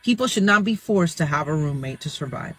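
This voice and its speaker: A man's voice: a little high, expressive, a little fast, a bit bright, slightly rough, low-quality recording. A man explaining wages to camera, working through the numbers step by step. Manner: walks through figures step by step. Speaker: commentator.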